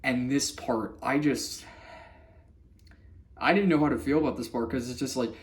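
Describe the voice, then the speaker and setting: A man's voice: medium pitch, normal speed. A man talks through a cartoon episode in a loose, casual recap. He rambles, circles back and restarts his sentences, laughing now and then as he goes. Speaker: vlogger reviewing a cartoon episode.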